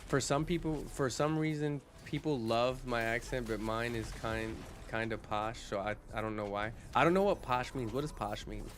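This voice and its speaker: A man streams live, chatting casually with viewers and rambling through answers to their comments, restarting and repeating words. His medium-pitched voice moves at normal speed with hardly any pauses, over slight background noise.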